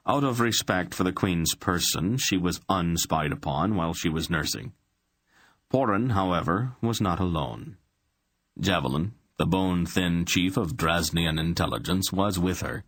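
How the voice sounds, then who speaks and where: A man narrating an audiobook in an expressive storytelling manner. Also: sits low, no echo. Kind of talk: scripted narration.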